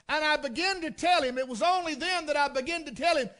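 A man's voice: extremely high pitch, fast talker, hardly any pauses, bright, forceful tone. A man with a Southern US accent telling a folksy story with dry humor.

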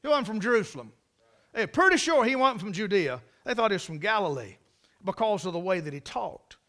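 Forceful Carolina preacher, folksy drawl. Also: male voice, high voice, big pitch swings, a little fast. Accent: Southern US, Carolinas. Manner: drawling, storytelling, emphatic asides. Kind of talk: folksy revival sermon. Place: church service.

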